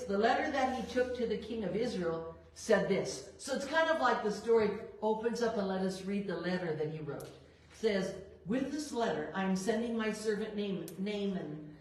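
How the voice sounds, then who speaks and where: A woman leading a Bible study, reading verses and acting out the characters' lines with lively emphasis. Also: mid-range voice. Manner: expressive, acts out biblical characters in quoted dialogue. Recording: roomy echo, voice a bit far from the mic.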